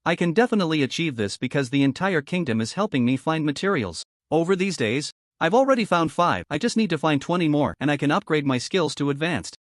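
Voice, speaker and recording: A man's voice: a little high, animated, a little fast, hardly any pauses, dry recording, clean studio sound, lightly acted. A man voicing a boastful young male dog beast who vows to grow stronger, speaking with determination. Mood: determined. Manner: determined, vowing.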